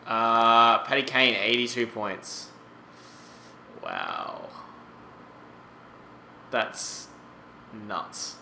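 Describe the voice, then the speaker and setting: A man's voice: mid-range voice, extremely slow, long pauses, bright, forceful tone, reverberant, a little hiss or hum. A man in his late twenties giving casual, rambling commentary over a hockey video game and exclaiming at the results. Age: 20s. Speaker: gaming YouTuber.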